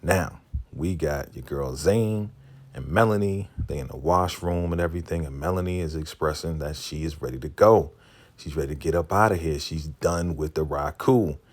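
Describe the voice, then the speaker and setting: A man with a deep, low voice talks through a TV episode in a relaxed, casual way. He slips into quick impressions of the characters as he goes and laughs often. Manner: laid-back storytelling, acts out character lines, laughs often. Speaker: recap vlogger.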